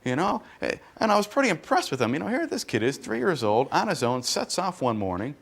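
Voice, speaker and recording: A man's voice: a little high, brisk, creaky, husky. A middle-aged man performing a stand-up comedy routine, telling stories with punchy asides. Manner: animated storytelling with punchy asides.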